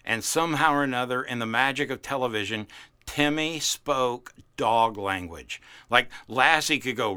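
A man's voice: medium pitch, normal speed, bright, forceful tone, smooth. A man in his fifties preaching a casual, folksy sermon, telling stories with playful character voices. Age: 50s. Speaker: pastor.

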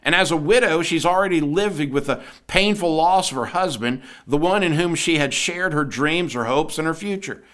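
Male podcast preacher, earnest and emphatic, slightly higher voice, devotional sermon read. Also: moderate pace, hardly any pauses, fairly bright tone. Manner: earnest, asks listeners rhetorical questions.

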